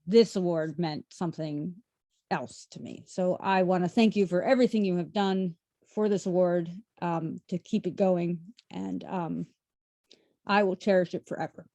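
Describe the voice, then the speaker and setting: A woman who works as a synagogue librarian, giving halting, emotional thanks on a video call. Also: on the low side, steady tone, warm tone, no room sound. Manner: halting, tearful, many fillers. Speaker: award presenter, synagogue librarian. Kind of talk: emotional online event remarks.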